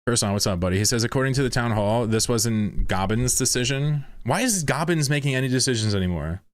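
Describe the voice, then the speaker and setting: A man's voice: medium pitch, animated, brisk, no room sound. A man commentating casually on a stream, exasperated and swearing as he reads posts aloud.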